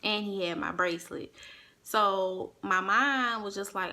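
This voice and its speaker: A young woman telling a personal story to her listeners in a casual, animated way, swearing freely and acting out what others said. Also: medium pitch, measured pace. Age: young adult. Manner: animated, profane, acts out quoted voices.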